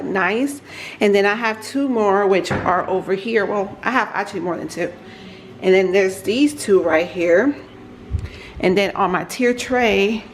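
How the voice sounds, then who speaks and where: A woman's voice: mid-range voice, a little hiss or hum, poor audio. A woman chatting casually to viewers in her home kitchen, speaking into a handheld camera. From Georgia, US. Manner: chatty, warm asides to viewers. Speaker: lifestyle vlogger and mother. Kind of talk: casual vlog chat.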